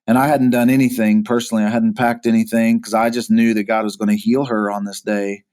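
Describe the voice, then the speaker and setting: A man's voice: lowish voice, flat delivery, brisk, a little mellow. A male pastor from Missouri, a podcast guest, earnestly telling his own life story with frequent restarts and repeated words. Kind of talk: personal testimony in a podcast interview.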